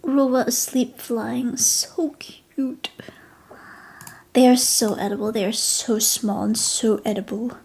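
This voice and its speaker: Slow-talking gushing woman streamer. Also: a little high, flat delivery, vocal fry. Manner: gushing, slips into soft whispers. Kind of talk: casual live-stream chat.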